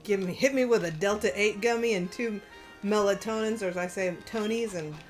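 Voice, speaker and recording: A woman's voice: medium pitch, a little fast. Playful woman joining a game stream. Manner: playful, giggly. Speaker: co-host, streamer's wife. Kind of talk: casual chat. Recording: faint game music behind.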